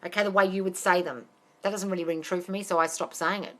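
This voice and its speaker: A non-American woman with a lowish, fairly even voice talks fast while answering questions on a live stream as a manifestation coach. She's blunt, swears freely, and calls her listeners darling.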